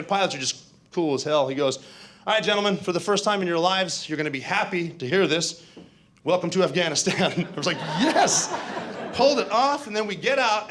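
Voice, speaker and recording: A man telling a war story to an audience in a conversational, animated way with asides. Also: fairly high pitch, slight background noise. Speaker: keynote speaker. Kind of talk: storytelling speech.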